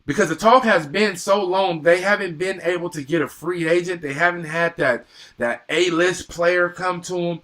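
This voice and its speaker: A young man doing live play-by-play and reaction on a stream, reading viewer comments and bursting into excited exclamations. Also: high-pitched, moderate pace.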